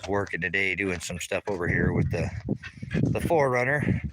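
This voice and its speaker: A man casually giving a rambling walking tour of a high desert ranch outdoors, pausing often as he talks. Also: heavy background noise. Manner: rambling, relaxed, hesitant with many pauses. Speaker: channel host.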